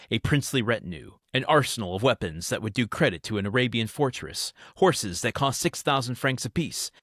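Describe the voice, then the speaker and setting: A man's voice: mid-range voice, a bit bright, no echo, clean studio sound, lightly acted. A man voicing an eager young French nobleman who insists earnestly and defends himself when teased.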